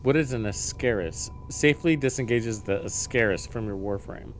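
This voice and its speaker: A man live-streaming a game, chatting casually, thinking out loud and swearing freely as he learns the menus. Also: mid-range voice, moderate pace, slight background noise.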